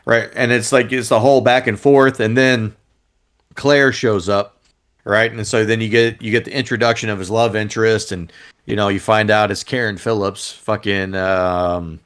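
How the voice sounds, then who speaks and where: A man's voice: on the low side, flat delivery, normal speed, a bit bright, clean tone. Laid-back man rambling through a movie chat. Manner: rambling, swears casually, does goofy movie quotes. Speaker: podcast co-host. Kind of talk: casual movie review chat.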